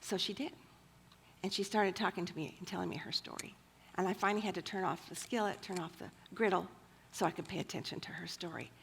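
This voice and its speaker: A woman's voice: lowish voice, fairly even intonation, fast, vocal fry, fairly bright tone, a little hiss or hum. A woman telling personal stories at a church women's gathering, chatty and full of fillers. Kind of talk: personal storytelling talk.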